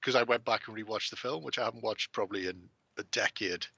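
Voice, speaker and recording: A man's voice: on the low side, fast, creaky, bright, forceful tone, husky, dry recording, lo-fi sound. A man hosting a casual chat, swearing and joking freely. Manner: sweary, laughing banter. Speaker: host.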